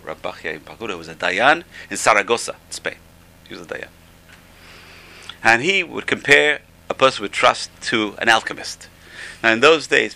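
A man's voice: on the low side, vocal fry, pushed and bright, low-quality recording. A man teaching an informal religious class, enthusiastic and repeating how amazing things are. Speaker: Torah teacher.

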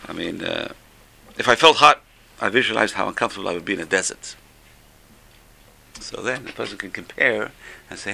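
A man with a lowish, gravelly voice and a very bright, forward tone gives an informal religious talk. He seems to be a rabbi teaching a class. He tells stories in a chatty way, repeats his key phrases and chuckles between points. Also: brisk, pauses often.

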